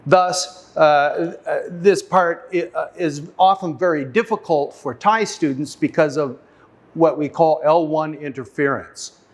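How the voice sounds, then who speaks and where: A man teaching an English lesson, speaking slowly and deliberately, repeating and sounding out example words. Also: on the high side, fairly even intonation. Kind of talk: classroom lesson.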